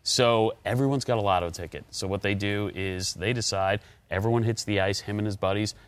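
A middle-aged man co-hosting a casual sports podcast, telling anecdotes with animated delivery. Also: fairly low pitch, fairly quick. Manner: animated storyteller, acts out voices in anecdotes. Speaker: podcast co-host.

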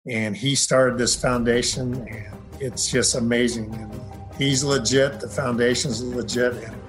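A man's voice: medium pitch, fairly even intonation, measured pace, over music, poor audio. An older man, a retired general and foundation chief, speaking plainly and upbeat as an interview guest.

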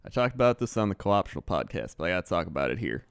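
A man's voice: low-pitched, very animated, racing, creaky, smooth, no echo, studio quality. Man telling a rambling story. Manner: rambling, chuckling, loose. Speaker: podcast co-host. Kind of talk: casual storytelling chat.

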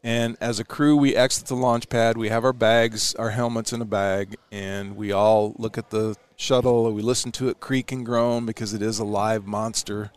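A middle-aged man, a former astronaut, telling a story in a casual chat, animated, laughing often and acting out what people said. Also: fairly low pitch, moderate pace, few pauses, clean tone, no echo.

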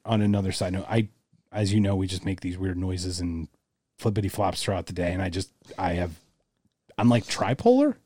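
A man co-hosting a casual podcast chat, jokey and quick to laugh, talking into a boom mic. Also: expressive, mellow. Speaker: podcast co-host.

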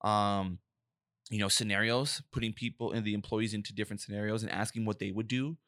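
A man's voice: on the low side, brisk, no room sound, clean studio sound. A young adult man co-hosting a casual podcast as a safety professional, talking emphatically and acting out quotes. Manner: animated, emphatic, acts out quotes.

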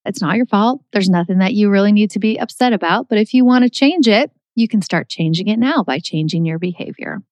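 A woman's voice: mid-range voice, expressive, a little fast, few pauses, a little mellow, no echo. A middle-aged woman hosting a solo podcast, talking in a chatty, reflective way with plenty of fillers. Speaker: podcast host. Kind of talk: casual solo podcast talk.

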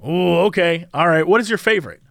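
A man co-hosting a podcast in casual chat, playful and teasing, often slipping into loud mock voices. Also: sits high, quick pace, creaky, no echo, clean studio sound. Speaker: podcast co-host.

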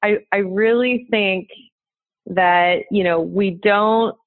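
A woman's voice: mid-range voice, steady tone, slow pace, no room sound. Woman coaching over a tinny line. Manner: encouraging, earnest advice-giving. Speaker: dating coach, podcast guest. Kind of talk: conversational interview. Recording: tinny phone-like line, dry.

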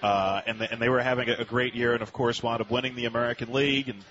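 Sports radio host asking long questions. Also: male voice, medium pitch, fairly even intonation, rapid-fire, crowd noise. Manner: long wandering setup questions with fillers. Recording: muffled radio audio with noise.

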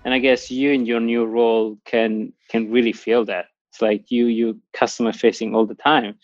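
A man's voice: mid-range voice, level tone, moderate pace, dry recording, dull audio, soft background music. A man hosting a podcast in casual conversation, asking many rhetorical questions. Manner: inquisitive, with frequent rhetorical questions. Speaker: podcast host.

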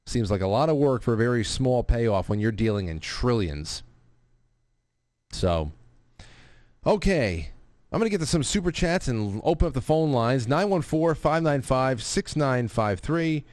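Male live-stream host, middle pitch, loose rambling delivery, dry booth sound. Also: animated, a little slow, darkish tone, no room sound. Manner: rambling, restarts, profane asides. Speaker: talk show host. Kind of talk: casual live-stream talk, reading super chats.

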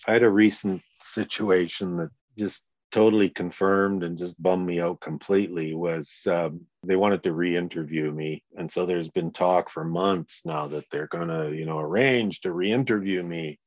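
A man in his sixties speaks candidly as a guest, blunt and sprinkled with swearing. His voice sits low, and the audio sounds dull and dry with no room around it. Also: steady tone, normal speed, few pauses, a little mellow, dry recording. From Canada. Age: 60s. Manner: blunt, profane, acts out quoted people in raised voices. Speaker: guest, victim's father. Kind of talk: candid interview.

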